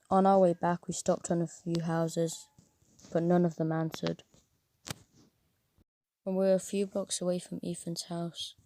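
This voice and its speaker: A woman tells a first-person horror story in a steady, even reading manner. Her voice sits low and hardly rises or falls, and the recording is dry with no room sound. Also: vocal fry, no echo.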